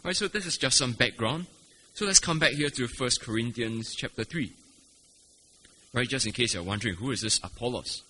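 A man's voice: medium pitch, fairly quick, sharp tone, a little hiss or hum. A man preaching an expository sermon, explaining patiently with rhetorical questions and frequent "right?" checks. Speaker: pastor. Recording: long hall reverb, faint ambience.

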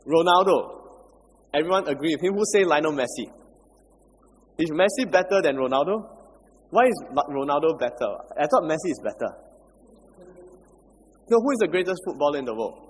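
A man's voice: on the high side, brisk, long pauses, slightly rough. A man preaching a conversational sermon, asking the congregation questions as he goes. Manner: asks the congregation questions, animated and chatty. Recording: echoey hall with faint background noise.

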